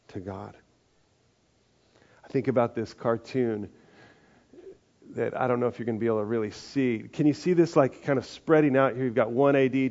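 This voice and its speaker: A man preaching a sermon in a conversational way, slowing down for emphasis and adding lively asides. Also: medium pitch. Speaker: pastor. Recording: muffled live sermon audio.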